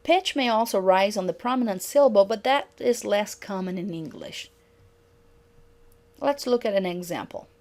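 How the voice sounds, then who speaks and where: A woman's voice: medium pitch, expressive, darkish tone. Woman lecturing on intonation. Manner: reads example sentences slowly and clearly. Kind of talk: recorded lecture on pronunciation.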